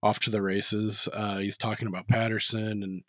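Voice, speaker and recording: A man's voice: fairly low pitch, flat delivery, moderate pace, fairly bright tone, no room sound, studio quality. A man talking loosely in a casual podcast chat, rambling with lots of "like" and swearing freely.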